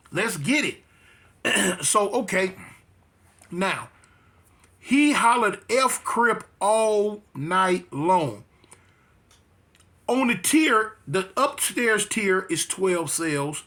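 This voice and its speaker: A man's voice: high voice, sharp tone. A man casually telling a story, with streetwise slang, emphatic repeats and frequent restarts. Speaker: interview guest.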